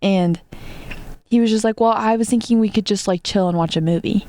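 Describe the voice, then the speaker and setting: A young woman co-hosting a podcast, telling an animated story in casual chat and talking straight to listeners. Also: medium pitch, brisk. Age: young adult. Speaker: podcast co-host.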